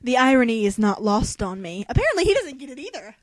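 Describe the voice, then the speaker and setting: A woman's voice: on the high side, sing-song, fast talker, slight background noise. A young woman reading a novel aloud in a dramatic voice, breaking off for sarcastic jokes. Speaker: reader.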